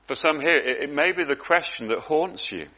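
A man's voice: fairly high pitch, animated, moderate pace, pushed and bright. A man preaching a sermon, earnest and reflective, often repeating words as he goes.

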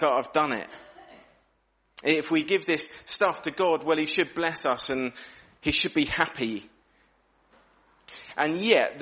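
A man delivers a sermon in a fairly high voice. He acts out rhetorical questions with animated pitch swings, then drops low and quiet for serious points. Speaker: preacher.

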